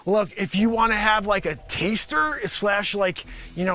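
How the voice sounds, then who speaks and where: Guy riffing a comedy bit, high bright voice, bouncy and rambly. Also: moderate pace, soft background music. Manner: animated, rambling, shouts now and then. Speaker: comedian host. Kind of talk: improvised comedy monologue. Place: home studio with green screen.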